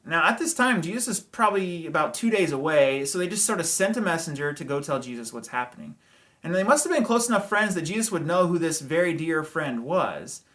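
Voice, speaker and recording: Pastor preaching a laid-back sermon, lots of rhetorical questions, middle pitch. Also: sing-song, a little fast, fairly bright tone. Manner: conversational preaching with hedges, rhetorical questions and chuckles.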